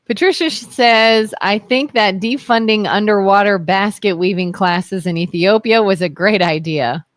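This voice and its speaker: A woman's voice: mid-range voice, moderate pace, no room sound. A woman co-hosting a talk show, reading out viewer comments and teasing the host with skeptical remarks. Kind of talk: casual chat.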